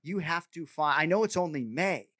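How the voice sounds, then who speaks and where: A man's voice: a little high, animated, moderate pace, bright, forceful tone, no echo. A man hosting a casual sports podcast, playful, reading odds and prompting picks. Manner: playful, swears casually, reads betting odds. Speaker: podcast host.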